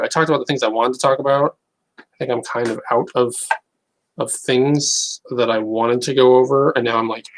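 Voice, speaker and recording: A man's voice: mid-range voice, brisk, vocal fry, low-quality recording. A man chatting casually to viewers on a live stream, rambling and hesitant with many restarts. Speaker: YouTuber.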